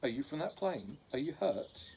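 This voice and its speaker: A man reading aloud and voicing a shaken, earnest young boy after a plane crash, speaking a little higher than his own voice and sounding hesitant. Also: sing-song, normal speed, creaky, darkish tone, a little hiss or hum. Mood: anxious.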